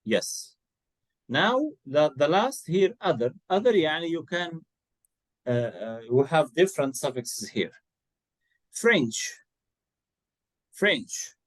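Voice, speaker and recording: Speaking in a fairly high, very animated and unhurried voice, a man teaches a one-to-one English lesson online. He patiently repeats words and spells each one letter by letter; the recording is dry and rough.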